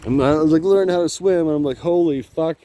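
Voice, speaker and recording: A man's voice: a little high, very fast, dark tone, slight background noise. Rambling profane man on a woodland walk. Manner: rambling, profane, laughs often. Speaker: vlogger. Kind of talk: rambling casual monologue. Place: outdoors on a wooded path.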